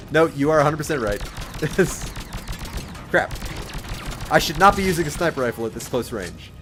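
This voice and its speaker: A man doing livestream commentary over a video game, joking, giggling often and shouting out during fights. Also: fairly high pitch. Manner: giggly, jokey, loud exclamations in fights. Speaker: game streamer.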